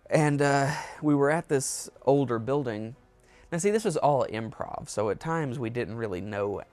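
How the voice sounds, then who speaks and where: A man's voice: medium pitch, normal speed, darkish tone, faint music behind. A man telling a rambling, amused story in a casual storytime monologue. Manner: rambling, amused, with self-corrections. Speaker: storyteller, show host.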